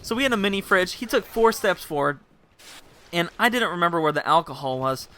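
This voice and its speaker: A man's voice: sits high, animated, fairly quick, pushed and bright, slight background noise. A young man telling a rambling, casual story to his viewers and laughing at himself. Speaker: vlogger.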